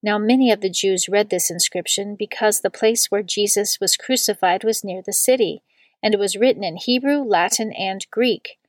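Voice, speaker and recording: Woman reading scripture, dry and steady. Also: mid-range voice, moderate pace, no echo.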